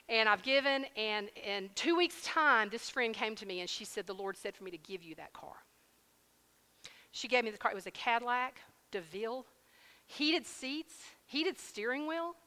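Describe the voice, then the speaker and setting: A woman preacher telling a lively testimony to her congregation and leading them in prayer. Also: fairly high pitch, long reverb tail. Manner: lively storytelling, addresses audience as y'all.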